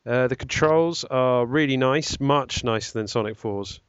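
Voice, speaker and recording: A man's voice: mid-range voice, measured pace, clean tone, no room sound. Rambling man, casual podcast chat. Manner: rambling, self-correcting, lots of ums. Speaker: podcast co-host. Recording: dull, slightly lo-fi dry sound.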